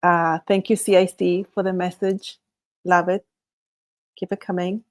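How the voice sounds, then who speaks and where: A woman's voice: fairly low pitch, level tone, unhurried. A woman hosting a casual live stream, reading chat comments and talking with playful, frequent laughter. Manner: laughs often, playful and chatty. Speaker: channel host reading chat.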